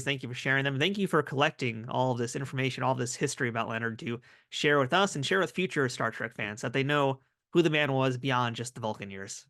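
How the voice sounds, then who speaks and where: A man's voice: mid-range voice, a bit bright, no room sound, clean studio sound. A man hosting a podcast, closing an interview and reading the show outro in a friendly way. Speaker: podcast host.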